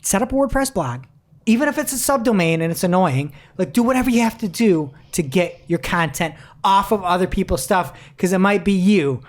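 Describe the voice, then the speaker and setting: A woman's voice: medium pitch, lively intonation, a little fast. A woman co-hosting a casual marketing news podcast, chatting animatedly, often laughing and reading quotes aloud. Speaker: podcast co-host.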